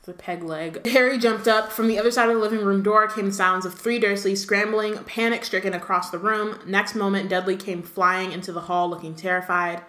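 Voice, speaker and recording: A woman reads a novel aloud at an easy, casual pace and keeps stopping for chatty asides with a laugh. Her voice sits at a middling pitch. The room around her is noticeably echoey. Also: steady tone, a little fast, few pauses, a bit bright. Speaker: podcast co-host reading aloud. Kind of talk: casual read-aloud and chat.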